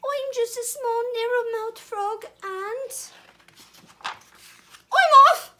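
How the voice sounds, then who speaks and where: A woman voicing a brash, loud-mouthed male frog in a children's story, with an attempted Australian accent. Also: very high-pitched, steady tone, slow, voice pushed up. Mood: timid. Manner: shouting, bold then tiny and timid.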